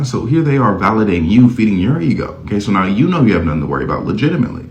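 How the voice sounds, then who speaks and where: A man talking casually to camera, animated and acting out both sides of imagined conversations. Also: lowish voice, rapid-fire, few pauses, lo-fi sound, a little hiss or hum. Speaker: social media dating commentator.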